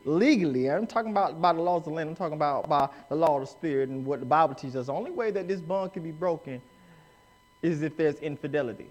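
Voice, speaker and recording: A man preaching a live sermon in church, emphatic and rising to shouts as he acts out the people he quotes. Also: fairly high pitch, quick pace. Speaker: pastor. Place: church sanctuary.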